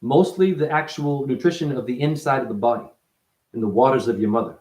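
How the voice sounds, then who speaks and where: A man giving a rambling, profane spiritual monologue as a self-styled teacher, his voice jumping up and down in pitch. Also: brisk, darkish tone. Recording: echoey room.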